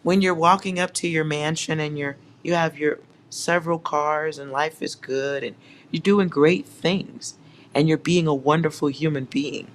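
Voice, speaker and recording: A tarot reader doing a collective reading from home, speaking right to the viewers with playful, mocking sarcasm and breaking into laughter again and again. The delivery is slow and drawn out at a middle pitch. A faint room ambience hums behind the voice. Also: steady tone, a little hiss or hum.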